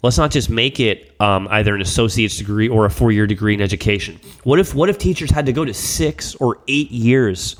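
A man's voice: on the low side, a little fast, few pauses. A man telling rambling stories in casual podcast chat, swearing freely and acting out what people said. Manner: rambling storyteller, swears freely, acts out quotes loudly.

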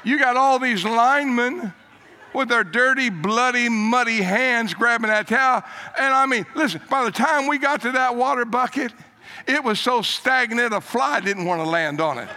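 Animated preacher man telling a story. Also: normal speed. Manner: animated, emphatic, drops low for quoted lines. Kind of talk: sermon storytelling.

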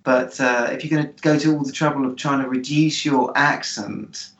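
A man's voice: medium pitch, steady tone, normal speed, fairly bright tone. Agreeable man in an echoey room. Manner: agreeable, chiming in with short assents. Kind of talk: casual chat. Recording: roomy, dull lo-fi sound.

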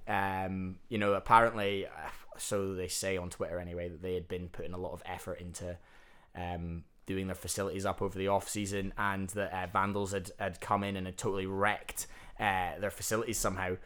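A young Scottish man with a lowish voice, chatting loosely about football as a podcast co-host. He rambles, swears freely and laughs easily. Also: little pitch movement, a little fast, fairly bright tone, clear, resonant tone. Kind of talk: casual chat.

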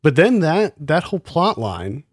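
A man's voice: fairly high pitch, big pitch swings, measured pace, husky, no room sound, clean studio sound. A man in a casual film review chat, critical and exasperated, firing off rhetorical questions.

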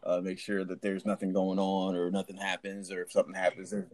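Man, army sergeant type, low voice, rambling profane storyteller. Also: completely flat delivery, brisk, darkish tone. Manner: rambling, profane, many restarts. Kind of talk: casual storytelling chat.

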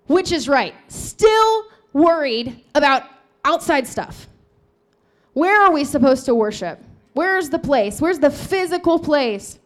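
Preaching a sermon in a high voice at a slightly slow pace, a woman brings lively energy to a scripture story, voicing each character's dialogue and switching between them.

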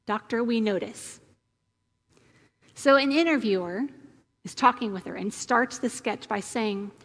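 A woman pastor giving a gentle, conversational sermon and leading a prayer. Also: on the high side, big-room sound. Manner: slow, gentle, conversational preaching.

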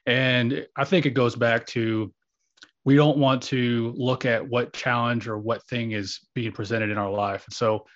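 A man's voice: medium pitch, fairly even intonation, a little slow, fairly bright tone. A man talking earnestly and reflectively as a guest in a conversation, often restarting his phrases. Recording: slightly dull lo-fi audio.

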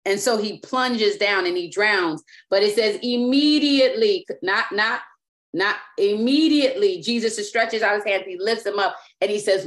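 A woman's voice: medium pitch, moderate pace, fairly bright tone. A woman preaching a sermon as apostle and teacher, speaking emphatically and often repeating and restarting words.

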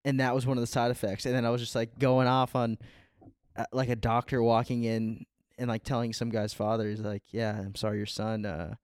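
A man's voice: medium pitch, little pitch movement, a little fast, a little mellow, clear, resonant tone, dry recording. Rambling young man, dry close mic. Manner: rambling, laid-back, full of "like" and "dude". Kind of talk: casual chat.

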